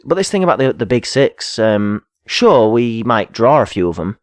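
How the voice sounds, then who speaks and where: A man's voice: medium pitch, sing-song, moderate pace, no echo. A man co-hosting a football podcast, rambling casually and correcting himself as he goes. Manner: rambling, self-correcting, fillers. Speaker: podcast co-host.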